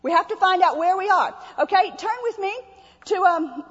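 High-voiced woman preaching in a hall. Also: animated, normal speed, lo-fi sound. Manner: folksy, repetitive preaching with acted asides. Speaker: pastor. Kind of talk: sermon.

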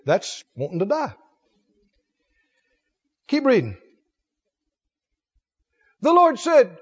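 A man preaching a sermon, folksy and animated, swinging from loud calls to low asides. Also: takes it slowly, long pauses, slightly rough. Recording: dull sound with long hall reverb.

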